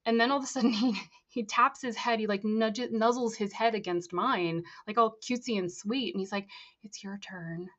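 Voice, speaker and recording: A young woman, a guest on a talk show, telling her story in a casual, animated way and acting out the voices of people she quotes. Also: on the high side, fairly quick. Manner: animated, acts out quoted voices, laughs often. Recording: slightly dull lo-fi sound.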